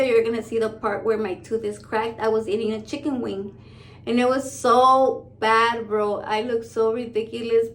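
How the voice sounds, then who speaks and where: Woman vlogger, 30s, slightly high voice, blunt and profane storyteller. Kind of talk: casual storytelling to camera.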